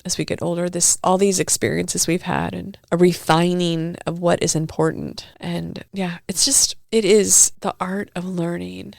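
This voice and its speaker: A woman's voice: lowish voice, level tone, normal speed, gravelly, hardly any pauses, no room sound, clean studio sound. A middle-aged woman hosting a podcast, teary and heartfelt as she reflects on a recorded conversation. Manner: emotional, heartfelt, soft-spoken. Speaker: podcast host.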